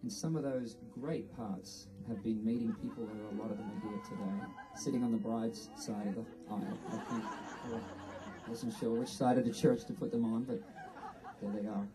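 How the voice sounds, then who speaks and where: An Australian man giving an earnest, unhurried acceptance speech at an outdoor ceremony, pausing often. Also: lowish voice, steady tone, far from the mic, music in the background, a crowd in the background, rough recording. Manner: earnest, unhurried, with frequent pauses. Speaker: award inductee.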